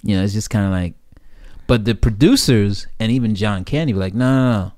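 A man from Jamaica tells an anecdote in relaxed conversation, laughing and mimicking the people he quotes. His voice sits low and is picked up close and dry, with little room sound. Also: brisk, no echo. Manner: animated, laughing, acts out quotes. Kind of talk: casual storytelling.

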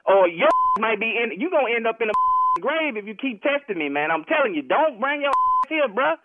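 Call victim: high-voiced man, lively and threatening, tinny phone line. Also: brisk. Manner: threatening, heated street talk. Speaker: prank call target.

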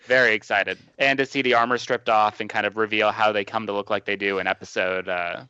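A man with a smooth, crisp, bright voice gives measured, brief answers in a casual chat. He sounds dry and close, on dull lo-fi audio. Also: lowish voice, steady tone, dry recording. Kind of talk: casual discussion.

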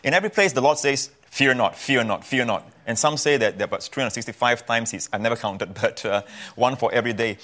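Guy preaching on a talk show, earnest, repeats lines for emphasis, middle pitch. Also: fast, few pauses, sharp tone. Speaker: guest preacher. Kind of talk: Bible teaching on a talk show.

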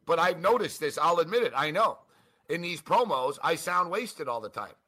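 Bright-voiced, animated male podcast co-host. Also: fairly high pitch. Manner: animated, self-mocking, quick talker. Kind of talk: casual sports podcast chat.

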